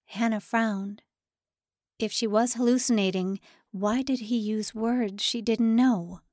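Woman reading an audiobook, calm and measured, slow going, dry close mic. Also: on the high side, no echo. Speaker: audiobook narrator. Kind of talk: scripted audiobook narration.

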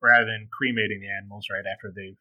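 A man's voice: on the low side, level tone, quick pace, dry recording, phone-quality sound. A man co-hosting a podcast in casual chat, hesitant and full of ums and trailing asides. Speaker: podcast co-host.

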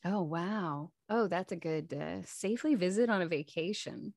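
Chatty, animated woman with a low voice. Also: moderate pace, gravelly, no echo, clean studio sound. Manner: chatty, animated, many fillers and restarts. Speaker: voice actress guest. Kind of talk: casual interview chat.

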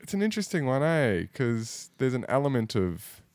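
A man's voice: mid-range voice, very animated, moderate pace, a little mellow, no room sound. A man hosting a casual podcast chat, laid-back and rambling with fillers. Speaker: podcast host.

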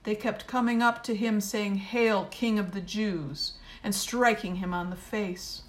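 A woman giving a measured, solemn liturgical reading of scripture at a service. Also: medium pitch, steady tone. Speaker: scripture reader.

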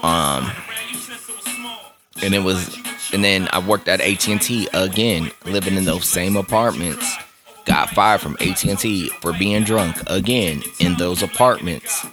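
A man's voice: low voice, unhurried, music in the background. A man hosting his own podcast, talking alone in a candid, rambling way with lots of swearing and filler words. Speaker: podcast host. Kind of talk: solo casual monologue.

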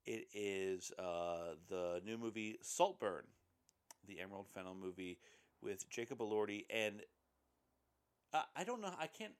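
A man co-hosting a podcast talks casually about movies in a lowish, clear, resonant voice, animated yet at a measured pace. He rambles and hesitates often, peppering his speech with ums and uhs.

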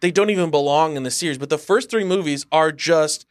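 A man co-hosting a casual podcast chat, excitable and quick to laugh. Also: on the high side. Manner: excitable, exclaims and laughs a lot. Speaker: podcast co-host.

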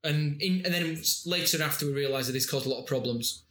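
A man's voice: fairly high pitch, fast, a bit bright, a little hiss or hum. A man with a Yorkshire accent chatting casually, rambling through stories with lots of restarts. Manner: rambling, with many restarts and tangents. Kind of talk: casual chat. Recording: roomy echo.

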